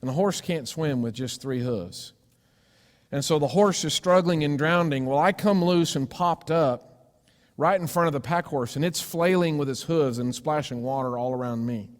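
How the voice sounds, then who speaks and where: Male pastor, storytelling sermon, slightly high voice, long church echo. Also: normal speed. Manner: storytelling with sudden loud screams and hushed asides. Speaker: preacher. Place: church sanctuary.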